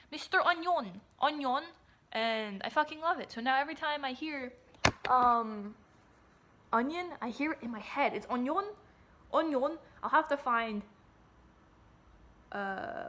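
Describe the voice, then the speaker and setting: This vlogger, a young adult woman, has a bright, forceful voice on the high side. She gives a casual, rambling monologue to her phone camera at home, swearing often and restarting her sentences.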